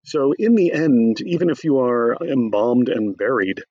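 A man discussing his book in an animated conversation, talking fast and excitedly with many asides. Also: medium pitch, breathy edge, no echo, lo-fi sound.

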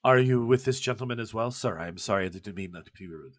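A man voicing a courteous middle-aged male poet who speaks slowly, softly and formally. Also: on the low side, close to an everyday voice. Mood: apologetic. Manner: slow, soft-spoken and formal.

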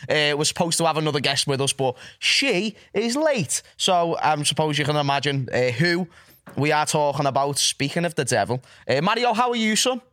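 A man hosts a live football podcast, joking around with his guests. His voice sits a little high and sounds bright and forceful. He talks in a loose, chatty way. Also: lively intonation, fairly quick. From Liverpool. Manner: chatty, jokey, greets chat. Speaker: podcast host. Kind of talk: casual live podcast chat.

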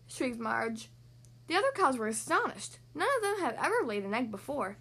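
High, lively young woman storyteller. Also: a little fast, breathy edge. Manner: friendly, expressive. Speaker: podcast host reading to children. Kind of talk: children's storybook reading.

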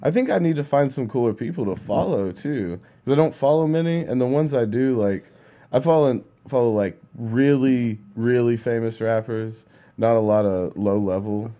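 A man's voice: medium pitch, moderate pace, muffled recording. A man who is a musician and podcast co-host, talking casually and hesitantly, often trailing off. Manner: hesitant, trails off, self-doubting. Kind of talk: casual chat.

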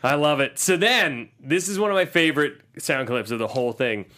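A man co-hosting a casual chat podcast, animated and jokey, sometimes slipping into silly voices. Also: on the high side, fairly quick. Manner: animated, puts on silly voices when quoting. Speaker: podcast co-host.

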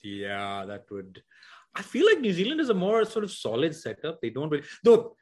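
A man's voice: on the high side, wildly swooping pitch, normal speed. A man co-hosting a podcast in casual cricket chat, rambling with many restarts and hedges. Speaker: podcast co-host.

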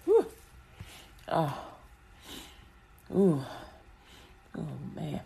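A woman's voice: deep voice, huge pitch swings, extremely slow, vocal fry, mellow, slight background noise. A woman from Chicago in casual chat about faith, rambling and colloquial, breaking into frequent laughter.

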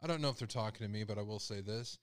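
A man's voice: on the low side, very fast, no echo, clean studio sound. Emotional male live-show host. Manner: emotional, voice rising when upset. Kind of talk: live-stream commentary.

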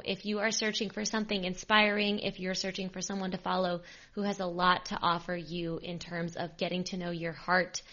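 A woman's voice: fairly low pitch, bright, forceful tone. A young woman hosting a podcast, talking in an upbeat, chatty, self-joking way. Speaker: podcast host. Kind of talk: casual podcast chat. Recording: slightly dull lo-fi sound.

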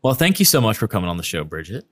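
A man's voice: lowish voice, very animated, very fast, fairly bright tone, no echo. A man hosting a podcast, playful and encouraging with his guest, laughing often. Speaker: podcast host. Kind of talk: casual interview chat.

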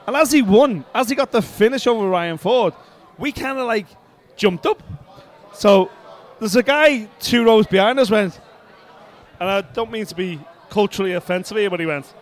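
A man co-hosting a podcast, telling a rambling, excitable story from arena seats at a boxing event. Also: sits high, normal speed. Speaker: podcast co-host. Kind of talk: casual storytelling.

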